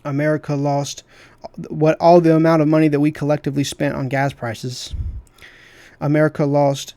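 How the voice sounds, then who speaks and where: A man's voice: fairly high pitch, little pitch movement, normal speed, mellow, no echo. A man commenting on a clip of his own debate, talking emphatically and repeating phrases for stress. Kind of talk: heated commentary over a clip.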